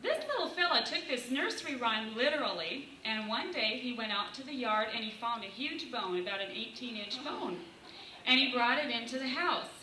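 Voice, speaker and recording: A woman's voice: fairly high pitch, normal speed. A woman telling a family anecdote at a party, playful, quizzing her listeners. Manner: lively, playful storyteller who quizzes the audience. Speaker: relative giving a party speech. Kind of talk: casual anecdote told to a crowd. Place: indoor family birthday party. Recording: echoey room, faint hiss.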